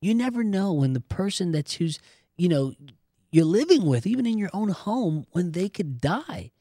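A man preaches and leads prayer with fervent insistence. His voice sits slightly high, and it is recorded dry and close with no room sound. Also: big pitch swings, moderate pace, mellow, no echo. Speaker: host.

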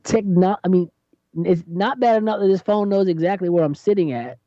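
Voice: medium pitch, brisk, dry recording, highs cut off. A radio host in a casual, chatty monologue who tells stories and acts out quotes in a raised voice.

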